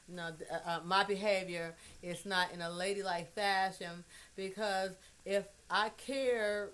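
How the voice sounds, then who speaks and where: A woman musing in a casual monologue, blunt and profane, swinging from hushed asides to emphatic loud bursts. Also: medium pitch. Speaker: vlogger.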